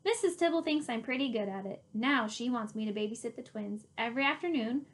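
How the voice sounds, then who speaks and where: A storybook boy babysitter, a little bossy but keeping his cool, as a woman reads him aloud. The voice is high and steady, pitched a touch lower for the telling of a spooky tale. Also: brisk, close to an everyday voice.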